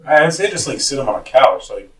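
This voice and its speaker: A man's voice: mid-range voice, very animated, fast. A man in casual chat, joking and rambling. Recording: distant from the mic.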